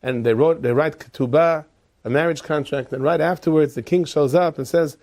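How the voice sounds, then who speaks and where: A man narrating a story in a lively, conversational way, with asides to his listeners. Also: a little high, moderate pace.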